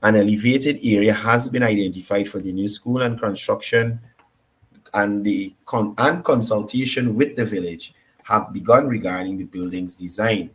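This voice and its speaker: A man's voice: lowish voice, normal speed, a bit bright, breathy edge. A man with a Guyanese accent hosting a political talk show, combative and repeating his points for emphasis. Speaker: political commentary host.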